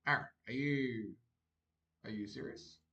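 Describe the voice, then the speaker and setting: A young man hosting a livestream, reading viewers' comments aloud and answering them in a relaxed, chatty way. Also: medium pitch, unhurried, highs cut off. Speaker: livestream host. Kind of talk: casual chat reacting to live chat.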